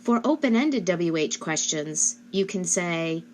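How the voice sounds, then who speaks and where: A woman giving instructional narration as a speech therapist, speaking slowly and carefully and modeling questions for a child. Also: lowish voice, animated, slight background noise. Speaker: speech-language pathologist.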